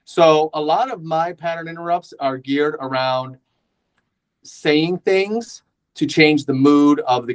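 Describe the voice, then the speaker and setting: Brief: casual male sales trainer, mid-pitched, chatty, checks in often. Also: poor audio. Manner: conversational, with frequent "right?" tags and restarts. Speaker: real estate sales trainer. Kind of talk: informal sales training talk.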